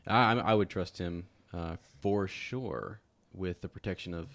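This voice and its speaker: A man's voice: deep voice, unhurried, vocal fry, a bit bright, no room sound. A man co-hosting a podcast, chatting casually about a book and rambling with many fillers and restarts. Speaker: podcast co-host.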